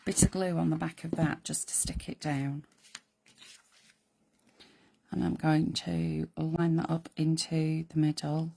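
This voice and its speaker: A woman with a croaky voice hosting a live card-making demonstration, chatting in rambling asides to her viewers. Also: sits low, little pitch movement, a little slow, pauses often, mellow. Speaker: crafting host.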